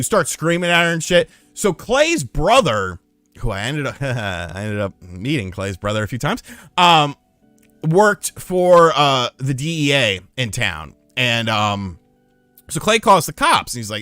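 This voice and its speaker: A man's voice: medium pitch, unhurried, no echo, faint music behind. A man streaming live, telling rambling, profane stories in casual chat. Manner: profane, rambling, animated storyteller. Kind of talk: casual storytelling on a livestream.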